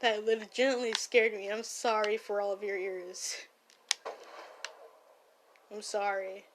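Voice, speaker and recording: A woman voicing a brash, hot-tempered young gang-boss man in a listener role-play while gaming, scolding and yelling. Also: mid-range voice, level tone, measured pace, background noise, natural voice. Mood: annoyed gaming. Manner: loud, scolding, easily startled, playful yelling. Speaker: fan voice actor.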